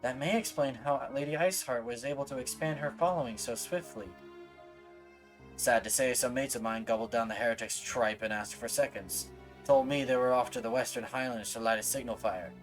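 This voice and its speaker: A man voicing a grumbling low-born soldier from a game, reading in a rough, folksy, low-key manner. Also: a little fast, soft background music, close to an everyday voice. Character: grumbling common male soldier.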